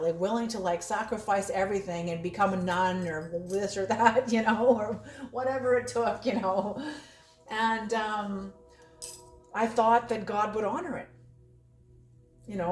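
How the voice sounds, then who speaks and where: A woman does a casual spoken tarot reading, blunt, laughing often and swearing freely. Her medium-pitched voice is a little mellow, and the recording has a roomy echo.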